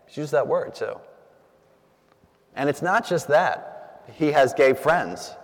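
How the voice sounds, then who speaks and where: A man's voice: fairly high pitch, animated, slow pace, pauses often, in a large hall. A man, a priest, giving a conversational talk to a group, telling stories with asides and frequent fillers. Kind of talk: conversational public talk with storytelling.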